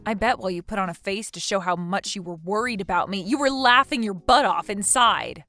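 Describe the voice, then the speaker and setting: A woman's voice: medium pitch, a little fast, sharp tone, soft background music. A woman voicing a betrayed wife who confronts her cheating friend, accusing and indignant. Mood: hurt. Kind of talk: text message story dialogue.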